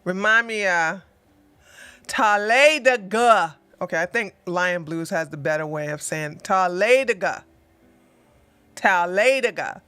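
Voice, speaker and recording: A woman's voice: fairly low pitch, steady tone, normal speed, hardly any pauses, sharp tone, clear, resonant tone, no echo. A woman hosting a livestream, talking in a casual rambling way and often laughing. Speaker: livestream news show host.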